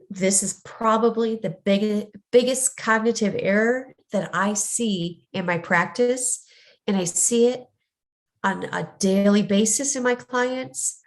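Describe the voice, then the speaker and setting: A middle-aged woman coach giving an earnest, conversational teaching talk, acting out small everyday scenes as she explains. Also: medium pitch. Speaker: ADHD coach.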